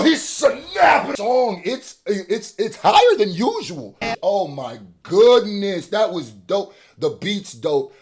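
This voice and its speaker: A man hosting a casual album reaction, swinging between excited hype and quieter mumbled asides. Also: high voice. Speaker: music reaction host.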